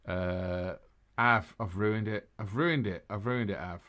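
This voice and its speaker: A man's voice: lowish voice, normal speed, sharp tone. A man co-hosting a casual podcast, rambling and laughing at his own jokes as he chats with a friend. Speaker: podcast co-host. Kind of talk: casual chat.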